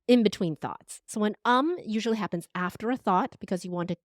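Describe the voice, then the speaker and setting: A woman guest on a podcast interview, a voice coach talking in an expressive, animated conversational way. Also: mid-range voice, a little fast, dry recording, clean studio sound. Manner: expressive, animated, uses air quotes verbally.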